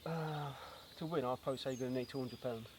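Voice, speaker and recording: Male guest angler, fast talker, guarded and cheeky, recorded outdoors with clear background noise. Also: medium pitch. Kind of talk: casual interview answers. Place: outdoors at a fishing lake.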